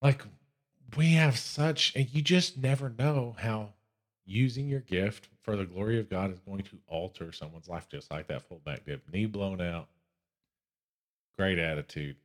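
A very deep-voiced man with a Texan accent speaks earnestly and reflectively in a casual faith podcast conversation. His delivery is unhurried and sincere. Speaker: podcast co-host.

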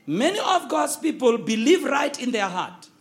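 A man preaching a sermon, with emphatic call-and-response delivery and shouted key lines. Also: very high-pitched, big pitch swings, normal speed, soft background music.

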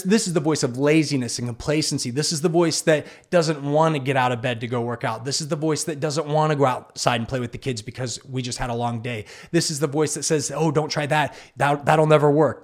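Male motivational host, slightly high voice, animated storyteller acting out inner voices. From Kansas City area, United States. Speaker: podcast host. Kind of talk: motivational monologue.

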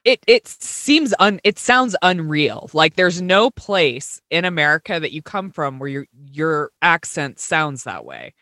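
Bright, crisp-sounding man from Texas. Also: fairly high pitch, big pitch swings, a little slow, hardly any pauses, no echo, studio quality. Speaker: podcast co-host. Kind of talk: casual chat.

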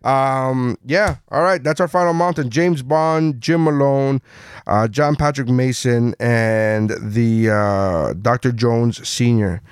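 A man's voice: mid-range voice, slow, clear, resonant tone, no room sound. A man in his thirties hosting a podcast in casual chat, rambling with many fillers and swearing. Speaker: podcast host.

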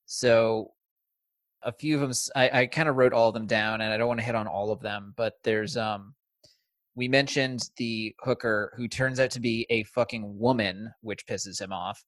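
A man's voice: mid-range voice, steady tone, normal speed, a bit bright, dry recording, studio quality. A man co-hosting a casual podcast about a film, chatty and swearing freely, laughing easily. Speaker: podcast co-host.

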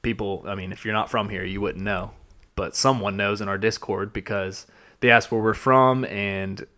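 A man's voice: fairly low pitch, fairly even intonation, normal speed, pushed and bright. A young man from Georgia with a South Georgia accent, co-hosting a podcast and eagerly recapping scenes in casual chat. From Georgia, USA. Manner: enthusiastic, recaps scenes with quotes. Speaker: podcast co-host.

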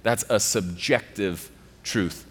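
A male pastor delivering a sermon, swinging from quiet, low passages to loud, emphatic ones. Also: takes it slowly. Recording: long reverb of a large hall.

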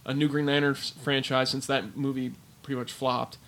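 A man's voice: mid-range voice, fairly quick. A man co-hosting a podcast, chatting casually and ranting with lots of fillers. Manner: ranting, animated, filler-heavy. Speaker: podcast co-host. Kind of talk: casual chat.

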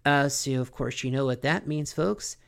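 A podcast host recapping a cartoon episode in a joking, animated way. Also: mid-range voice, normal speed, gravelly. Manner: animated, joking, self-questioning.

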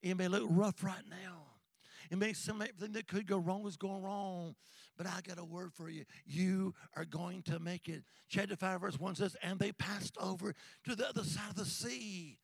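A man preaching a sermon as an evangelist, with rhythmic call-and-response that swings from shouts to hushed whispers in a church. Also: sits high, fairly even intonation, moderate pace, creaky, no room sound. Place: church sanctuary.

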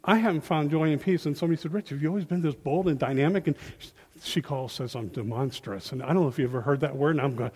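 A man giving an informal, animated sermon, acting out quotes in a folksy way, on a handheld mic in a church hall. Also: on the high side, fast talker, husky. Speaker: lay preacher. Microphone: handheld microphone. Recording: long reverb of a hall.

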